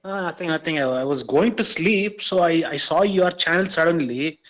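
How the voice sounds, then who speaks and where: Hesitant man, slightly high voice. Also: normal speed, a bit bright, rough recording. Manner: hesitant, stammering, many uh's. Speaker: viewer guest. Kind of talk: casual stream chat.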